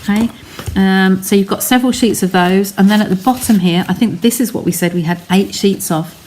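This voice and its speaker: A woman's voice: medium pitch, fairly quick, darkish tone. Chatty woman demonstrating card crafts. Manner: chatty, explains step by step, talks to viewers. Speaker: craft live-stream host. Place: home craft studio.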